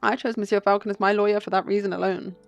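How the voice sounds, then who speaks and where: A woman reading the lines of a courteous, scheming male fox gentleman from a game, in polished formal speech. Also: medium pitch, little pitch movement, fast talker, muffled recording, faint music behind, lightly acted. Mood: polite.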